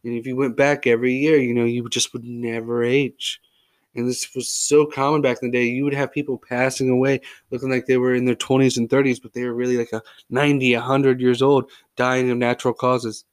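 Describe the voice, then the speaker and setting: This podcast host speaks fairly quickly in a level, mid-range voice. He recounts sports history in a jokey, goofy way, leaning on playful tall tales and frequent fillers as he chats.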